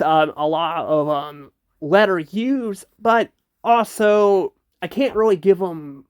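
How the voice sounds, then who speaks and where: A young man casually ranking children's learning games, hesitant and unsure, with frequent ums and restarts. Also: on the high side. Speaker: creator ranking educational games. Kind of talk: casual commentary.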